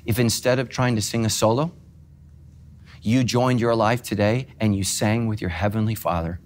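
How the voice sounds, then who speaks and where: A middle-aged man preaching as pastor, moving between quiet, heartfelt moments and self-deprecating humor. His delivery is conversational rather than formal, with an emotional pull. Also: lowish voice, steady tone, normal speed, a little hiss or hum. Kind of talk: sermon.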